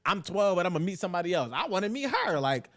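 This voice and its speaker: Animated fast-talking man, close dry mic. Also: sits high, no room sound. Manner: animated, talks in bursts with loud quoted outbursts. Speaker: podcast co-host. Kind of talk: casual podcast chat.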